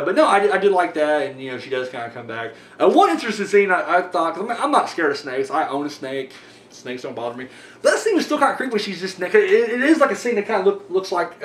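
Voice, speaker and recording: A man's voice: on the high side, a bit bright. Rambling profane man reviewing horror films. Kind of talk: casual solo movie review. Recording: echoey room with faint hum.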